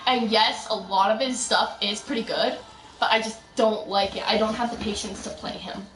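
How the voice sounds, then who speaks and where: A young woman rambling through casual commentary while she plays a game, chatty and full of quick asides. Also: mid-range voice, steady tone, recorded from a distance, noisy background. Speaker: gaming streamer. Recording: roomy echo, voice set back from mic, faint music.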